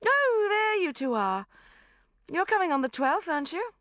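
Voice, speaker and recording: A woman voicing an effusive posh socialite who gushes breathlessly in a high, loud voice, for an audiobook. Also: very animated, normal speed, no echo, full character voice. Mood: gushing.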